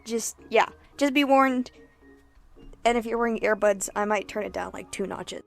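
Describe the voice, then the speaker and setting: A woman's voice: medium pitch, moderate pace, gravelly, soft background music. A woman acting as dungeon master, narrating a tabletop game story and chatting informally to listeners. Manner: chatty and informal in outro, with fillers.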